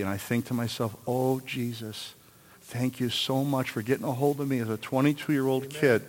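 A man in his sixties preaching a sermon in a church, telling a story and then building to loud, emphatic exhortation. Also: medium pitch, steady tone, normal speed, long reverb tail. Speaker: pastor.

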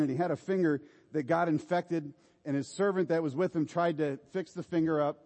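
A man's voice: a little high, warm tone, long reverb tail. A man preaching a sermon in an informal, exhorting way, urging his listeners on. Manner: informal, exhorting, repeats "come on".

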